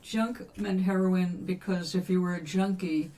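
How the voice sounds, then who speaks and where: Her voice fairly low and dark, an older woman hosts a livestream where she paints and chats casually, musing aloud and answering viewers' questions. Her pace is measured and her intonation fairly even.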